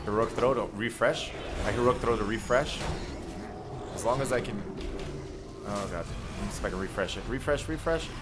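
A man giving chatty, excitable commentary while he plays an online battle game, joking and calling "dude" and "man" often. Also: on the low side, normal speed, long pauses, heavy background noise. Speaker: gameplay streamer. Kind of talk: live gameplay commentary. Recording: game music behind the voice.

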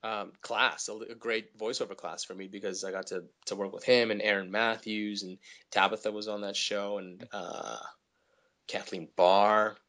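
Energetic man with a low, bright voice. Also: normal speed. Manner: high-energy, animated storytelling. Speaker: voice actor guest. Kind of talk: casual interview chat.

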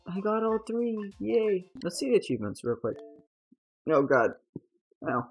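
Excitable young woman streaming a game. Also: mid-range voice, a little slow, slightly rough, soft background music, poor audio. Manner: chatty, excitable, swears freely. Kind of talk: casual live game commentary.

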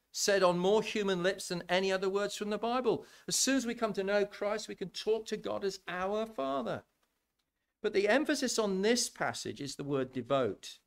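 A man preaching a sermon in a church, conversational and animated, often repeating words as he builds his points. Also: high voice.

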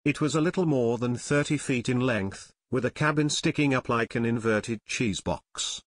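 Male audiobook narrator, measured and steady, mid-range voice, dead-dry close mic. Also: medium pitch, no room sound. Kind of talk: scripted narration.

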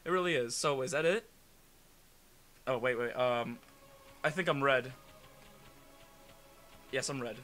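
A man's voice: mid-range voice, unhurried, long pauses, sharp tone, soft background music. A young man co-hosting a let's play, joking, swearing and laughing through casual gameplay commentary.

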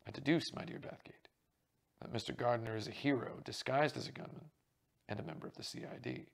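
A man reading as an eager young gentleman. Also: medium pitch, a little fast, vocal fry, lightly acted. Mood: pleased.

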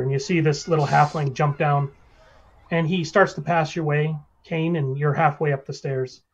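A man's voice: on the high side, steady tone, normal speed, muffled recording, a little hiss or hum. A man narrating as game master of a tabletop game, describing scenes with many fillers.

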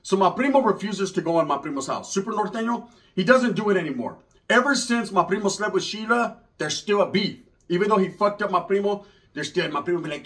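A comedian from Northern California telling a comic story in loose, slangy speech. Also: male voice, high-pitched, animated, brisk, fairly bright tone. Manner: loose, slangy, conversational delivery.

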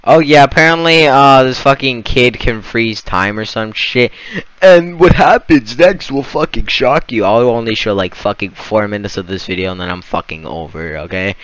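A man's voice: medium pitch, normal speed, fairly bright tone, no room sound. A young man casually reacting to a video, swearing constantly and mocking what he watches. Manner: profane, mocking, jokey.

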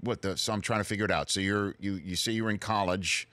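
Brief: male talk show host, lower voice with a bright edge, eager and reactive, dry studio mic. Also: steady tone, quick pace, no echo. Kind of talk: casual interview.

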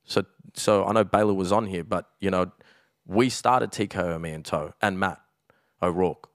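A low-pitched Australian man from Melbourne talks in a loose, streetwise way, swearing freely and filling his stories with "like" and "you know". He sounds like a podcast guest recounting his past in casual chat. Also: moderate pace, dry recording, clean studio sound.

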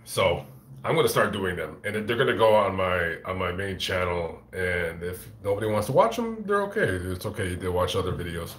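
Low-voiced man ranting through a profane story. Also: normal speed, reverberant. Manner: rambling, profane, animated retelling. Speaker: vlogger telling a story. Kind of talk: casual live-stream storytelling. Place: fast-food restaurant. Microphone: phone camera.

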